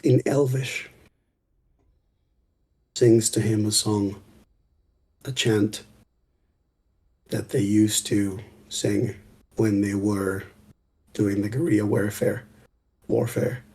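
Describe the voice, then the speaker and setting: A man playing his character in a tabletop game, describing his actions slowly and deliberately. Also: on the low side, steady tone, a little mellow, slightly rough. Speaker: player.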